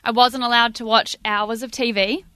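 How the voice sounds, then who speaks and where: Brief: middle-aged NZ woman storyteller, lively and self-mocking, fairly high, dry close sound. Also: moderate pace, smooth, no room sound. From New Zealand. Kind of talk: spoken storytelling to a live audience.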